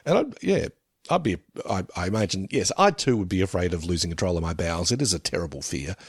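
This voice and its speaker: A man's voice: low voice, animated, fast talker, slightly rough, no echo, clean studio sound. A man co-hosting a podcast in casual chat, chuckling and riffing on jokes. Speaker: podcast co-host.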